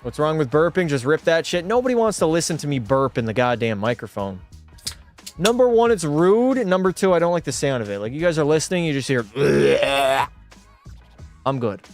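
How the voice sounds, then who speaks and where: A young man streaming a hockey video game, chatting with his viewers and breaking into profane, shouted rants. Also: fairly high pitch, big pitch swings, fast, faint music behind. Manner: profane, talks to chat, erupts into shouting rants. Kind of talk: casual gaming livestream commentary.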